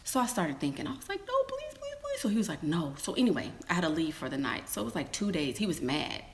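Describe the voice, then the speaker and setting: A woman's voice: quick pace, slight background noise. Chatty woman telling a wild storytime. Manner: animated, acts out quotes in high squeals and whispers; chatty, addresses viewers as y'all and girl. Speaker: storytime vlogger. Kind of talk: casual storytelling to viewers.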